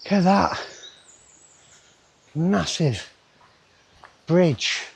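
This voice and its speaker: A man's voice: sits high, very slow, gravelly, slightly rough. A man, chatting casually to his camera as he walks through a river gorge outdoors, rambling with asides to himself. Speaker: travel vlogger. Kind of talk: casual walking commentary.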